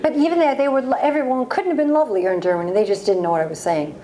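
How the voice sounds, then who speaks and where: A woman in her forties from the United States, an author answering audience questions with lively, laughing stories. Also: mid-range voice, very fast, crowd noise. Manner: lively storytelling, laughs often. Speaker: author at a library talk. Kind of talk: reading and audience Q&A. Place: library event room.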